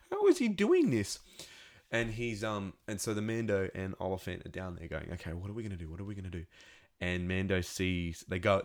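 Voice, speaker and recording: Rambling, lower-voiced man recapping a show. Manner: rambling, animated, with many restarts and sound effects. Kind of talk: casual spoken recap.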